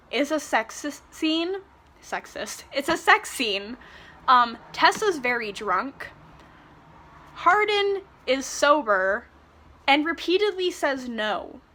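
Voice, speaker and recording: A woman giving a ranting book review, retelling scenes in an animated, sarcastic way and swearing freely. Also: sits high.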